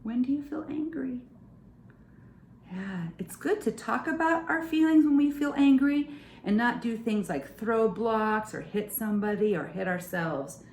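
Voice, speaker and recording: Young woman hosting kids' storytime; animated, playful, roomy echo. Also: mid-range voice, a little hiss or hum. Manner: playful, sing-song, animated with silly sounds. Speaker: children's storytime host. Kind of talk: reading a picture book aloud to kids. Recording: echoey room.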